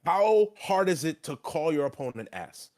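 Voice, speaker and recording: A man's voice: on the high side, sing-song, normal speed, very noisy. A young man streaming and chatting casually, talking loosely with lots of filler "like" and plenty of swearing. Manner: loose, profane, heavy on filler "like". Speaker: streamer and wrestling trainee.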